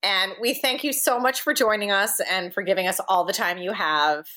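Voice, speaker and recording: A woman's voice: mid-range voice, normal speed, pushed and bright. A woman co-hosting a podcast interview, thanking and wrapping up with the guest. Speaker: podcast co-host. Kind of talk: casual interview chat.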